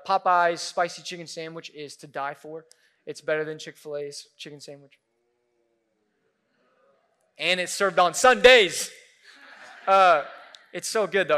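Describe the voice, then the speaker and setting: A young male pastor gives a sermon in an easygoing, chatty way, with lots of "like"s. His voice sits high and bright. He acts out the reactions of his stories. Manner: casual and animated, many "like"s, acts out reactions.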